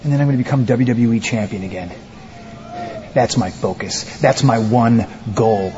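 Brief: a man doing a stubborn, intense wrestler, dark mellow voice, dull broadcast playback. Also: medium pitch, moderate pace, a little hiss or hum, lightly acted. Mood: defiant. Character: defiant, stubborn male wrestler chasing a title. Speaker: wrestler in a backstage segment. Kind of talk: scripted televised wrestling promo.

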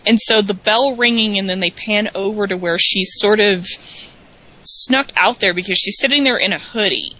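A woman's voice: mid-range voice, moderate pace, sharp tone, highs cut off. A woman co-hosting a casual wrestling recap podcast, chatty and thinking aloud with restarts. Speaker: co-host.

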